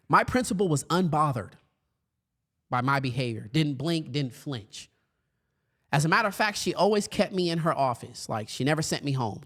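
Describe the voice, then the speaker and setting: Man, 30s, host-speaker, storytelling talk, animated, jumps up high when acting out scenes. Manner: animated storyteller, acts out his younger self in a raised voice. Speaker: speaker for educators.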